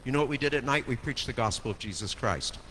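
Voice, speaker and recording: A man preaching a sermon, telling a story with dramatic swings from hushed to soaring delivery. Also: medium pitch, fast talker. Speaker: pastor. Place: church sanctuary. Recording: long hall reverb, faint noise.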